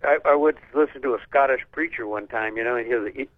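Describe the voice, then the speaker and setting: A man's voice: medium pitch, quick pace, no echo. An older man talking in a loose, offhand way, with the occasional swear slipping in. His voice comes through a narrow, tinny phone line, dry and close with no room sound. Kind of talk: casual chat.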